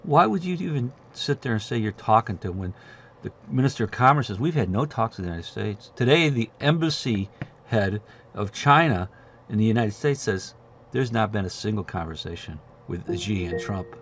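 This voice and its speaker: A man's voice: fairly low pitch, lively intonation, moderate pace, fairly bright tone, husky. A middle-aged man giving casual market commentary as a host, blunt, sarcastic and rambling. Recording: dull lo-fi recording.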